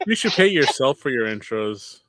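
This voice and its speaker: Man, podcast host, casual chat, teasing, bright voice, dry sound. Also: medium pitch, big pitch swings, normal speed, no room sound. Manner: teasing, playful, does impressions.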